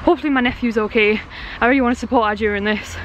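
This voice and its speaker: A woman's voice: on the high side, steady tone, racing, slight background noise. A woman chatting casually to camera in a vlog, rambling about her day out in town. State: out of breath while walking. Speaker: vlogger. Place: out in town, walking and in a parked car.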